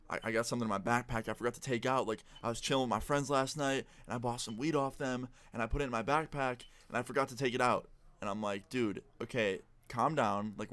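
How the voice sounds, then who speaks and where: A young man telling a casual, rambling personal story while gaming, with lots of "like". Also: mid-range voice. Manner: rambling, relaxed, heavy use of "like". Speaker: gaming video narrator. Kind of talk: casual storytime over gameplay.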